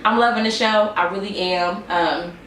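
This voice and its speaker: A woman's voice: medium pitch, steady tone, moderate pace, a bit bright, slight background noise. A tired woman in her twenties giving a sassy, chatty vlog review of a TV show and talking to her viewers as y'all. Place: room at home. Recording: roomy sound, mic at a distance.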